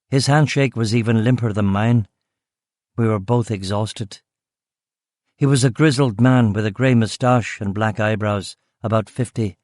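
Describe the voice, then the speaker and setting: A man narrating a crime novel in the first person, in a measured, understated way, close to the mic. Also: lowish voice, darkish tone, dry recording. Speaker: audiobook narrator.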